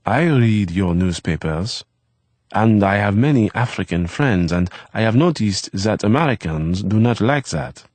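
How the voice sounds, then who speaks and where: A man voicing a wary, reserved young Frenchman with a French accent and formal, halting phrasing. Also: fairly low pitch, animated, a little mellow, no room sound, voice pushed up. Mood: guarded.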